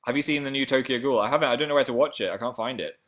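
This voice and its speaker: A man casually chatting on a livestream and reading viewer comments. He rambles and jokes, and his pitch and volume jump suddenly when he gets excited. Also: rapid-fire. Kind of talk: casual chat.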